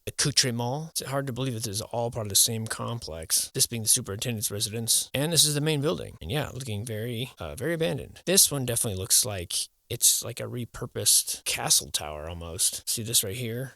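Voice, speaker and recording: A man's voice: medium pitch, sharp tone, dry recording, studio quality. A man giving wry, joking commentary on old photographs and swearing casually along the way. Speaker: channel host.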